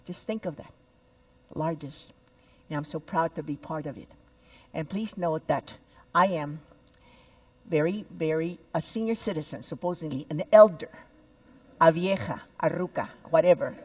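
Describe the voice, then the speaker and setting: A woman's voice: deep voice, normal speed, long pauses, a little mellow, dull audio. A woman in her seventies, from El Paso, giving a storytelling talk and repeating phrases for emphasis. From El Paso, Texas. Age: 70s.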